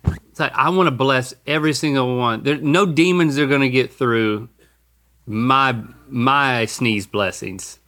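A man co-hosting a casual chat, playful and excitable, quick to joke. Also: mid-range voice. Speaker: podcast co-host.

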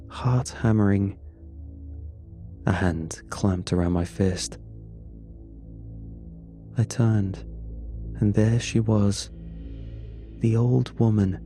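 A male narrator recounts a horror story in the first person, slow, measured and grim. His voice is low and dark, and faint music plays beneath it.

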